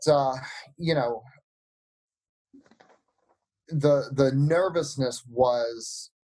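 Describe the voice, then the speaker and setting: A man, a musician being interviewed, answering in a reflective, measured way. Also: medium pitch, darkish tone, dry recording, poor audio. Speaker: musician guest.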